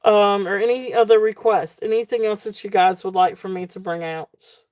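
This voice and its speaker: A woman's voice: mid-range voice, moderate pace, no echo, clean studio sound. Chatty woman hosting a jewelry sale. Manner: chatty, many ums, relaxed and tired. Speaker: live jewelry sale host. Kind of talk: casual live-stream selling.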